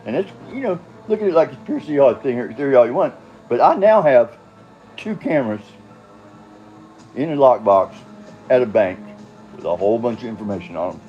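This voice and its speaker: A man's voice: mid-range voice, expressive, a little fast, pauses often, muffled recording, faint music behind. An older man telling his own story in a rambling, casual monologue, blunt and profane, chuckling and drifting off on tangents.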